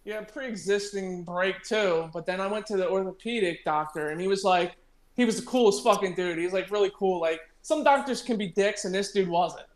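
A man's voice: high-pitched, fairly quick. A young man telling a rambling story in casual chat, laughing and swearing. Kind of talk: casual storytelling among friends. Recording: roomy echo.

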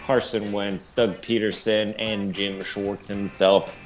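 Deep-voiced rambling podcast host. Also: male voice, flat delivery, faint music behind. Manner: rambling, halting. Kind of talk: casual sports chat.

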